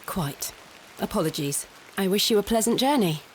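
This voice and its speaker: A woman's voice: mid-range voice, lively intonation, normal speed, a little hiss or hum, lightly acted. A woman playing a prim young archaeologist. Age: young adult. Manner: formal, polite, clipped. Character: proper young woman archaeologist, reserved and determined. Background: loud game music and rain.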